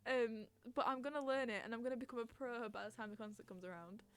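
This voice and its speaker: A woman's voice: fairly high pitch, fast talker, a bit bright. A young woman hosting a casual chat podcast on stream, rambling, giggling and reading out chat messages.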